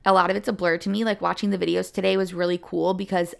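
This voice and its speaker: A woman's voice: lowish voice, flat delivery, creaky. A young woman telling her own story in a candid, chatty way, often saying "like" and lifting her voice when it gets emotional. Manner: candid and chatty, with fillers like "like" and quick emotional lifts. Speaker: podcast or vlog host sharing a birth story. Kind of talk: casual personal storytelling.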